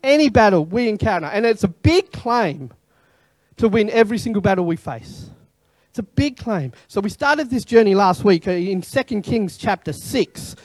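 A pastor preaching a sermon in an animated way, with joking asides and repeated key phrases. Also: mid-range voice, moderate pace.

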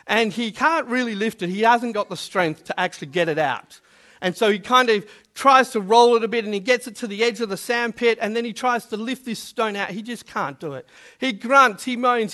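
High, bright-toned male preacher who hammers home key words. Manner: emphatic, repeats key words. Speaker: pastor. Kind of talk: sermon with opening prayer.

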